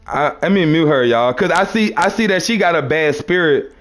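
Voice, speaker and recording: A man with a New Orleans accent preaching on a live stream in a casual, repetitive way. His voice sits a little high for a man. He keeps calling his listeners son and brother. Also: expressive, moderate pace, fairly bright tone.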